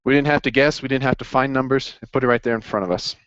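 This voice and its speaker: A man's voice: medium pitch, fairly even intonation, fast talker, a bit bright, clean tone, dry recording, dull audio. A man running a casual accounting review session, upbeat and jokey as he encourages his students. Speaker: accounting tutor.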